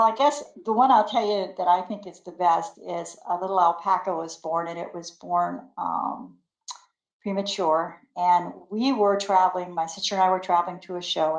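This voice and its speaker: An older woman, a great-grandmother, telling lively stories in a casual interview, acting out the quotes and laughing often. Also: fairly low pitch, moderate pace, roomy sound, highs cut off. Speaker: guest.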